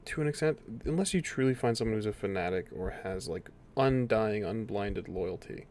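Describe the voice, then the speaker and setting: A man as game master of a tabletop game, speaking in a laid-back way with many fillers and shifting into slow, dramatic narration. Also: fairly low pitch, lively intonation, darkish tone, a little hiss or hum.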